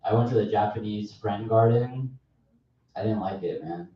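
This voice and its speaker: A man's voice: on the low side, normal speed. A young man doing a stand-up set in a comedy club, talking in an offhand, rambling, self-mocking way. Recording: echoey, distant, dull live club recording.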